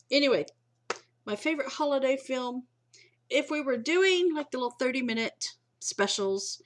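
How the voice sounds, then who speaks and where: A middle-aged woman, chatting at home about her movies in a rambling, self-interrupting way and sounding tired. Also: mid-range voice. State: tired and yawning. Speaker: movie collector vlogger. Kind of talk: casual chat. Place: home room.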